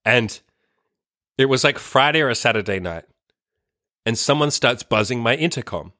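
Young guy ranting thru a crazy story, swears a lot, says like constantly, bright voice, dry close sound. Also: medium pitch, animated, moderate pace, no echo. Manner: profane, emphatic, heavy use of "like". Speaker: storyteller host. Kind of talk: casual storytelling monologue.

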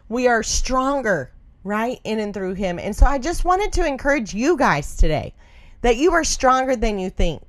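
A middle-aged woman offers heartfelt devotional encouragement in a voice of ordinary pitch. She speaks earnestly, circles back on her phrases and checks in with her listeners as she goes. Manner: earnest, repeats phrases, often trails into "right?".

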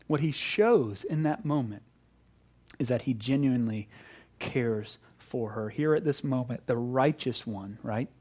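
A middle-aged man preaching a sermon, animated, acting out voices and swinging between loud emphasis and hushed moments. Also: mid-range voice, measured pace, husky. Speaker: pastor.

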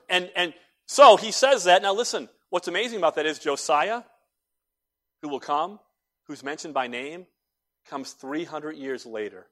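A man preaching a sermon as pastor, telling stories with animated swings between hushed and loud delivery in a church. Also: a little high, normal speed. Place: church sanctuary.

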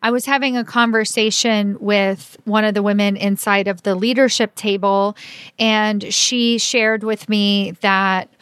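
A woman's voice: mid-range voice, steady tone, unhurried, a bit bright, clean tone, no room sound, studio quality. A middle-aged woman, a leadership coach talking through a solo podcast episode in an earnest, chatty way, full of "like" and "right?". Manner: conversational, fillers like "like" and "right?".

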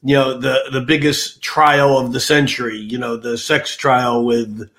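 A man's voice: mid-range voice, level tone, unhurried, a bit bright. An older man, an astrologer on a podcast, talking casually with many fillers and restarts. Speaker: astrologer guest.

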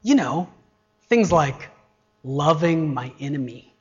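Slow-speaking preacher man, slightly high voice. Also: lively intonation, darkish tone, highs cut off. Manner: rhetorical questions, varied emphasis. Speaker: pastor. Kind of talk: sermon.

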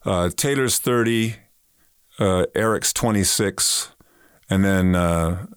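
An American man in his fifties, a guest telling stories in a relaxed, chatty way, full of "you know" and "man". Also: low voice, slow pace, clean tone, no echo, clean studio sound. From United States. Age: 50s. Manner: laid-back storytelling with frequent "man" and "you know". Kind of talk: casual interview chat.

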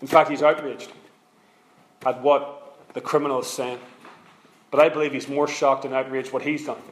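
A man's voice: on the high side, level tone, moderate pace, long pauses, a bit bright. Impassioned preacher man, echoey room. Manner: impassioned, repetitive preaching cadence. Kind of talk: sermon.

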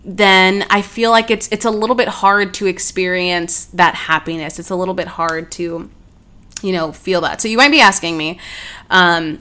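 A woman's voice: mid-range voice, moderate pace, pushed and bright. A woman in her twenties hosting a casual solo podcast, talking in a bubbly, gushing way. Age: 20s. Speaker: podcast host.

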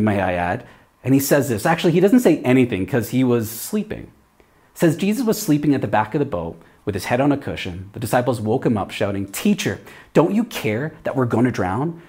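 A man's voice: mid-range voice, a little mellow. A man giving a casual video sermon as a preacher, talking conversationally with many rhetorical questions and playful asides.

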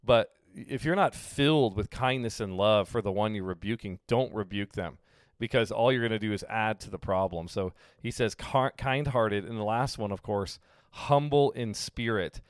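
Pastor, male, low smooth voice, dry close mic, chatty teaching sermon. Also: normal speed, dry recording. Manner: conversational, with frequent fillers and acted-out quotes.

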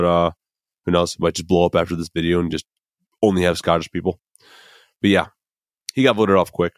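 In a dry, studio-quality recording, a low-pitched young man hosts a podcast. He's from the American Midwest and rambles through casual, emphatic commentary, heavy on fillers with a curse word here and there.

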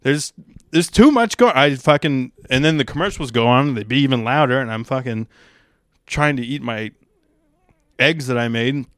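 A young man with a smooth, clear voice rambles through a casual solo monologue, wry and unfiltered, swearing freely. The sound is close and dry, with no room echo. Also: mid-range voice, expressive, moderate pace. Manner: rambling, crude and profane, wry. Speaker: stand-up comedian.

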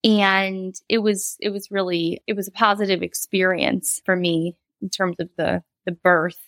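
A woman's voice: mid-range voice, level tone, a little slow, a bit bright, dry recording. A woman in her thirties, a guest telling a personal story in a candid, rambling way, with laughs and quoted asides. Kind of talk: casual interview storytelling.

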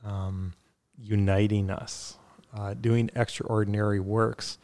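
A man's voice: lowish voice, flat delivery, takes it slowly, darkish tone. A man talking earnestly on a faith podcast, with many fillers and restarts, then leading a prayer.

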